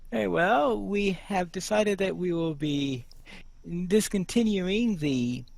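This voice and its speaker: A man's voice: high voice, takes it slowly, gravelly, no echo. A man hosting a game podcast and reading out the show's announcements in an upbeat way. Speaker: podcast host.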